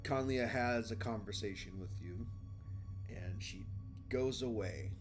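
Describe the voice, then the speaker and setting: A man's voice: medium pitch, wildly swooping pitch, measured pace, music in the background. A man running a tabletop game as game master, narrating and joking loosely with his players, now and then swearing.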